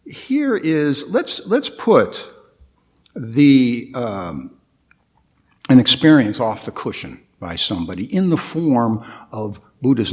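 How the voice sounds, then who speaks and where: At an easy, slow pace, a man with a somewhat low, darkish voice gives a guest dharma talk. His pitch ranges widely as he explains, and he sounds hesitant, often pausing and restarting his phrases.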